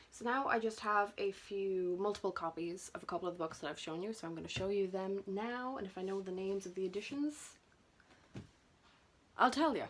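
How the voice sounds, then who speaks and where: A woman's voice: mid-range voice, moderate pace, a little hiss or hum. A young woman chatting nervously and self-consciously through her book collection for a vlog. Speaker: booktuber. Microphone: camera mic.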